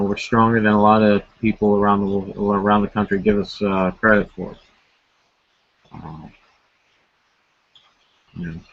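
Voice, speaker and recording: A man from Buffalo co-hosting a sports podcast, speaking haltingly about his home city's teams. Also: fairly low pitch, breathy edge, no room sound, dull audio. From Buffalo, New York. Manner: halting, with many fillers and restarts. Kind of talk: casual sports chat.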